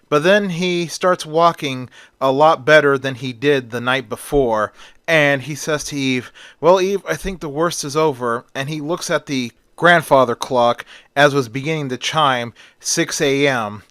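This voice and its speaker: A man's voice: fairly high pitch, fairly bright tone, smooth, no room sound, studio quality. A man casually retelling a story, chaining events with "and then".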